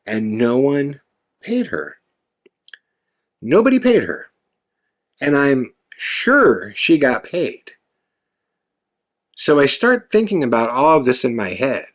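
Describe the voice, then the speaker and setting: A man's voice: mid-range voice, slow. Man telling a wild story. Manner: animated, profane, acts out quotes. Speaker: podcast host. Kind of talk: storytelling monologue.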